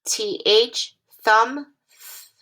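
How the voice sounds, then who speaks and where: A woman teacher giving a phonics lesson to young children, speaking slowly and clearly in a sing-song way. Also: fairly high pitch, bright, forceful tone.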